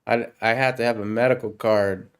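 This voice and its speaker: A man's voice: mid-range voice, steady tone, moderate pace, clear, resonant tone. A man hosting a casual chat, laid-back, laughing often and swearing freely. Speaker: podcast host.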